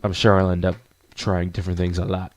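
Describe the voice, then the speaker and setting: A man voicing a quiet, awkward young newcomer who talks in a low-key, hesitant way. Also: flat delivery, brisk.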